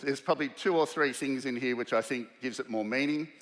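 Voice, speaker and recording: Australian man giving a lively keynote. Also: medium pitch, fairly quick. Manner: self-deprecating storyteller, energetic, loose and conversational. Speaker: keynote speaker. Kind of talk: conference keynote with humorous anecdotes. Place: large conference hall. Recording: reverberant hall.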